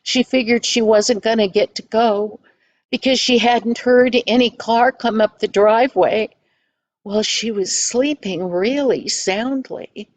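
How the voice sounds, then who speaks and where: An older woman telling a children's story in a homely, gentle, folksy way. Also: on the high side, measured pace, dry recording.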